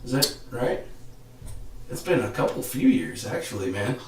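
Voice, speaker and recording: A man in the middle of the pitch range hosts a casual live podcast stream. He talks in an excitable, slangy way and laughs often. His voice rings a little in a roomy space. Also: moderate pace. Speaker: podcast host. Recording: roomy echo.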